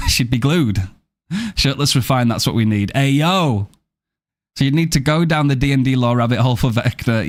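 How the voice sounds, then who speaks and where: Laid-back British man chatting on stream. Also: mid-range voice. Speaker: game streamer. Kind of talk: casual live-stream chat with viewers.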